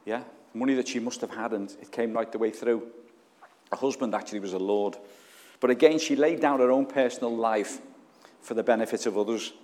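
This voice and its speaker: A man's voice: medium pitch, brisk, a little mellow. A man preaching a sermon, earnest and emotional, putting questions to the congregation. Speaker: pastor. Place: church. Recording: long reverb of a church hall.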